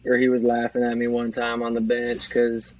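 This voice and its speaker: A man's voice: mid-range voice, completely flat delivery, normal speed, a little mellow. Joking male co-host, dull lo-fi sound. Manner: joking, teasing banter. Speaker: podcast co-host. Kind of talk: casual sports chat.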